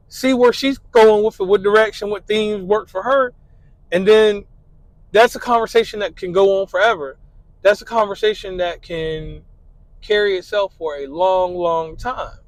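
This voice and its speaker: A man's voice: sits high, normal speed, no echo, low-quality recording. A man talking casually in a laid-back, slangy way, full of "you know" fillers, as he describes his ideal date. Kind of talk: casual spoken monologue.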